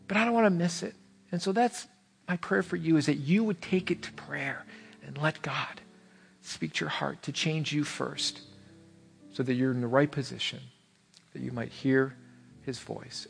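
A man's voice: medium pitch, gravelly, in a large hall. A man preaching a sermon as pastor, earnest and repetitive, rising to pleading peaks. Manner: earnest, repeats words, swells to pleading peaks.

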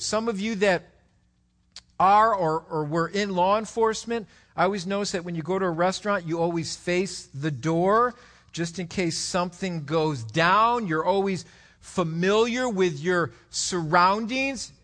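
A middle-aged man preaching a sermon, moving between loud emphatic exhortation and low, quick storytelling. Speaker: pastor.

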